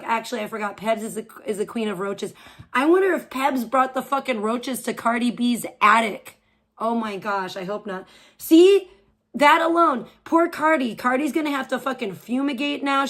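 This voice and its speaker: A woman live streamer ranting crudely, hurling insults and rambling on. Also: a little high. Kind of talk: profane livestream rant.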